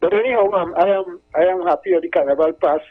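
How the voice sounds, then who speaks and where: A man's voice: high-pitched, fast, slightly rough. A man calling into a talk show, rambling and repeating himself as he tells stories. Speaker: caller. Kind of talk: casual call-in chat. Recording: tinny phone line.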